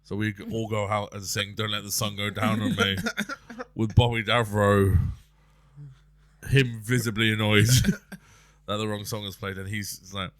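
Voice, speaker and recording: A man's voice: on the low side, flat delivery, measured pace, a bit bright, no echo. A man hosting a podcast, telling rambling comic stories and laughing through his own jokes. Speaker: podcast host and comedian. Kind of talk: casual podcast chat.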